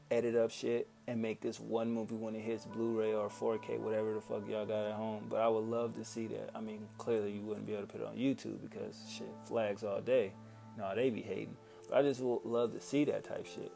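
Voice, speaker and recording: On his vlog, a creaky-voiced man of medium pitch delivers a profane, fed-up movie rant. He often replays his own past reactions, animatedly quoting what he said.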